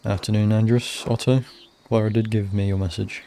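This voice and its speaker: A man's voice: on the low side, level tone, normal speed, warm tone, a little hiss or hum, lightly acted. A man reading as a polite young craftsman. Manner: plain read-aloud delivery.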